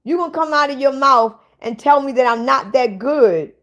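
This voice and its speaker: A woman's voice: high-pitched, normal speed, a bit bright. A woman hosting a casual livestream, bluntly ranting and swearing at viewers in the chat. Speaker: livestream host.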